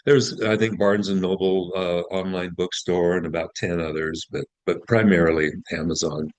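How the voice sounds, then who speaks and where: A man's voice: sits low, fairly even intonation, normal speed, dry recording, rough recording. A man in his sixties, a guest author, telling folksy stories with self-deprecating humor and frequent restarts. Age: 60s. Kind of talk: casual interview chat.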